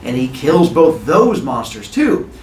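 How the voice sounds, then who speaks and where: A man hosting a podcast and telling a comic story in an animated, playful way. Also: mid-range voice, measured pace, a little hiss or hum. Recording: roomy echo.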